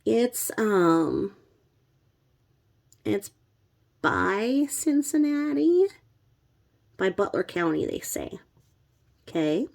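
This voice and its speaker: A woman's voice: medium pitch, sing-song, drawn-out words, creaky, pauses often, darkish tone. A middle-aged woman telling a true crime story in a chatty, sarcastic vlog style with blunt asides. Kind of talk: casual vlog narration.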